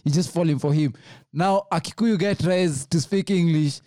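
Joking man, mellow voice. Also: on the high side, normal speed, dry recording, clean studio sound. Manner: joking, animated, stammers and restarts. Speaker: podcast host. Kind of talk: casual podcast chat.

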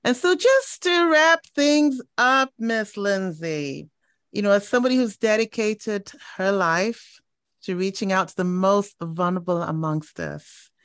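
A woman hosting a faith interview, affirming her guest and reflecting on what was said with slow emphasis. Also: on the low side, dry recording, studio quality. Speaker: interview host. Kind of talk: faith talk show interview.

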